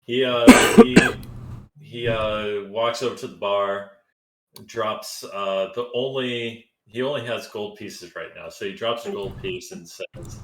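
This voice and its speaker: A man playing in a tabletop game, slowly and haltingly describing what his character does. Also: on the low side, reverberant, slight background noise, rough recording. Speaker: player. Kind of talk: casual tabletop play.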